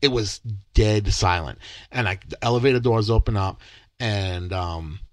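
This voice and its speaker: Young male podcast co-host, lower voice, lively storyteller who voices the people he quotes. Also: normal speed, dry recording. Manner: animated, acts out quoted dialogue. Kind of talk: casual storytelling chat.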